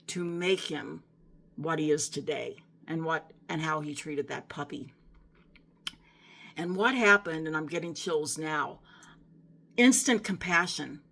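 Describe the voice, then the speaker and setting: A middle-aged woman speaks earnestly to her viewers about her faith, her low voice carrying a gravelly edge. She grows emotional and often stops to restart a sentence. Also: a bit bright. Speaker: Christian vlogger. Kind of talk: personal testimony talk to camera.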